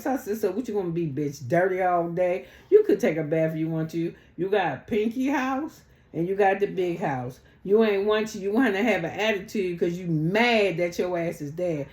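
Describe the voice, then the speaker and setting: A woman's voice: mid-range voice, moderate pace, few pauses, a little mellow. Sassy, profane woman recapping. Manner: blunt, sassy, profane storytelling. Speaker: reality TV recap commentator. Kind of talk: casual profane recap chat. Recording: echoey room.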